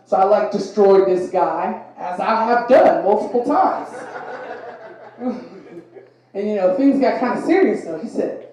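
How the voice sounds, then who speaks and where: Young female stand-up comic with a braces lisp, lively delivery, recorded in a booming echoey room. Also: moderate pace. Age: young adult. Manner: animated, voices others in quotes. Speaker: stand-up comedian. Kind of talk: stand-up comedy set. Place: comedy venue with laughing audience.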